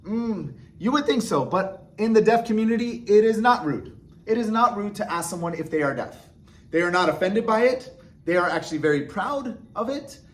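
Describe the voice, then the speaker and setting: A man with a fairly high-pitched voice explains signs to learners one step at a time. He talks patiently and pauses often to check in with a quick "okay?" before moving on. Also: lively intonation. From United States. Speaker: sign language teacher. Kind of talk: instructional explanation.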